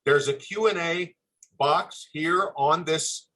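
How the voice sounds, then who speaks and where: A man's voice: a little high, pushed and bright, low-quality recording. Earnest older man presenting a webinar. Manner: earnest, measured, courteous. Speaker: webinar presenter, former admissions dean. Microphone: video call.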